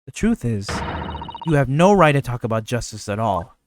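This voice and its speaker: A man's voice: medium pitch, sing-song, normal speed, background noise, close to an everyday voice. A man reading as a probing courtroom questioner. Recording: background game music.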